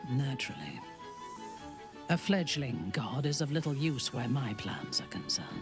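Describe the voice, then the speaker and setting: An actor voicing an arrogant, aloof newly divine man in a video game, haughty, formal and threatening. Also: mid-range voice. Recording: game audio over loud music.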